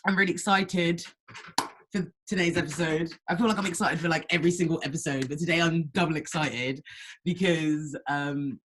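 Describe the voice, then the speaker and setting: A young woman hosting a podcast in a casual, excitable way, giggling and tripping over her words. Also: deep voice, normal speed, noisy background. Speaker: podcast host. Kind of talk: casual chat.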